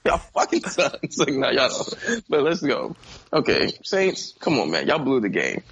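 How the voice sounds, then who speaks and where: A man's voice: medium pitch, wildly swooping pitch, normal speed, gravelly, a bit bright, slightly rough, low-quality recording. A man co-hosting a casual sports chat, ranting bluntly and swearing freely. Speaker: podcast co-host.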